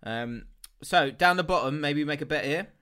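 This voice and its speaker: A man's voice: fairly high pitch, normal speed, bright, forceful tone, clear, resonant tone. A man hosting a podcast, bantering casually, laughing often and swearing freely. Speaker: podcast host.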